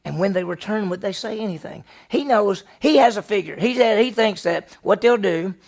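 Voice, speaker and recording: A man, a pastor, teaching a Bible study class, reading scripture aloud and quizzing his listeners with lively questions. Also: high-pitched, moderate pace, gravelly.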